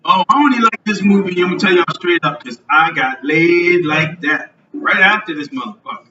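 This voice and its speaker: A man hosting a live podcast on a club stage, joking loudly and swearing a lot. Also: high voice, a little fast, noisy background. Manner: loud, profane, joking. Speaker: podcast host. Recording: roomy lo-fi live venue recording from a distance.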